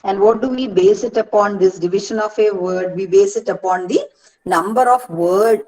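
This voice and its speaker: Patient woman lecturing, slow repeated examples. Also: mid-range voice, darkish tone, poor audio. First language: Malayalam. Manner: explains patiently, repeats words slowly, corrects herself. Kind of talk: recorded lecture.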